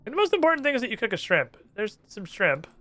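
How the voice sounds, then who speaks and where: Man doing a very high, bouncy, bossy game tutor in a squeaky put-on voice. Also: very animated, fast, bright, forceful tone, no room sound, heavily acted. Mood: chirpy. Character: cheery high-voiced tutor stranded underwater.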